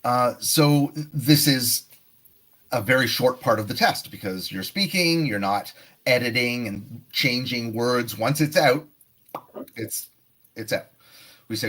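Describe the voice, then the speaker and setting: A man's voice: medium pitch, takes it slowly, fairly bright tone. A man teaching a live online test prep lesson, explaining tasks and acting out sample answers. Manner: explanatory, demonstrative.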